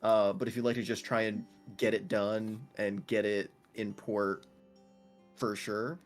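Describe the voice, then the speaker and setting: A man's voice: on the low side, little pitch movement, unhurried, faint music behind. A man narrating as game master in a tabletop role-playing game, laid-back and rambling.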